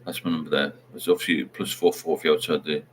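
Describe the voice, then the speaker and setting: Low-voiced rambling man. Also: flat delivery, quick pace, slight background noise. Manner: rambling, reads out viewer comments. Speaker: livestream host. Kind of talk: casual livestream chat.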